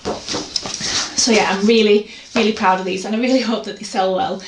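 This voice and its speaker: In a casual chat, a woman who vlogs about art rambles on about her work with a self-deprecating streak. Her mid-range voice moves at a normal speed with fairly even intonation, recorded in an echoey room with a little background noise.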